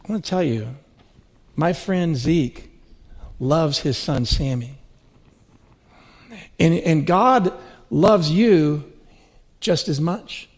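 A man's voice: fairly high pitch, drawn-out words, long pauses. A middle-aged man preaching a sermon, telling stories with rising, swelling emphasis. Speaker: pastor.

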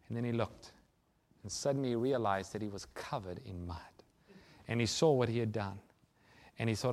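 A man preaching a sermon and telling a story, swinging from loud emphasis to hushed near-whispers. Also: mid-range voice.

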